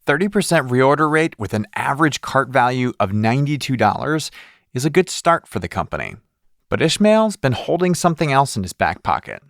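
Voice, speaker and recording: A man narrating a pitch show with scripted, punchy announcer delivery. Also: sing-song, a little fast, vocal fry, fairly bright tone, no echo, studio quality.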